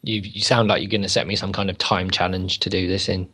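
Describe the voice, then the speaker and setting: A man's voice: deep voice, level tone, fast talker, sharp tone, husky. A man co-hosting a casual wrestling chat, playful and joking, often tagging his lines with questions. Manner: playful, joking, asks many tag questions. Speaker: co-host.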